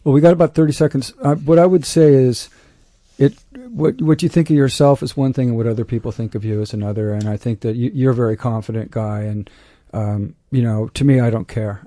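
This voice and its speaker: A man's voice: medium pitch, fairly even intonation, fairly quick, dark tone, dry recording. A man hosting an interview in a studio, talking casually and supportively with some hesitation. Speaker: host. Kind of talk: interview conversation.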